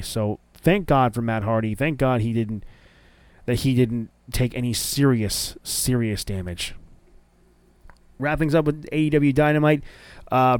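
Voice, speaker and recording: A man talks wrestling in a relaxed, excited podcast ramble, swearing freely and filling gaps with "uh" and "like." His voice is smooth and clear at a middle pitch. The sound is dry, with no room echo. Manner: enthusiastic, loose and profane, with frequent fillers. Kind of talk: casual wrestling commentary chat.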